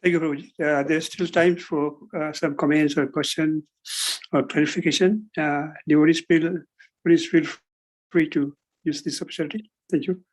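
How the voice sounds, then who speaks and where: A man's voice: a little high, fairly even intonation, moderate pace, rough recording. A man moderating a question session, speaking politely with hesitant fillers.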